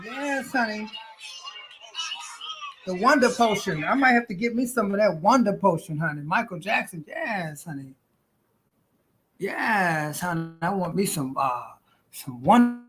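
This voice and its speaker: A woman's voice: medium pitch, slight background noise. A woman hosting a casual live stream, chatting with viewers and giving intuitive readings, calling them honey and girl. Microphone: phone.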